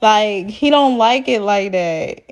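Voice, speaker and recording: A woman's voice: medium pitch, animated, takes it slowly. A woman recapping a reality show in a sassy, chatty way, full of slang asides. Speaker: TV recap vlogger.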